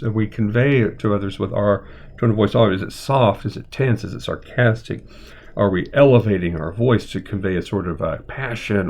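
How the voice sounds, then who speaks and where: A middle-aged man with a lowish voice talks through a live-streamed lesson as a therapist. He rambles gently, thinking aloud and filling pauses with ums and uhs. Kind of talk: unscripted live-stream lecture.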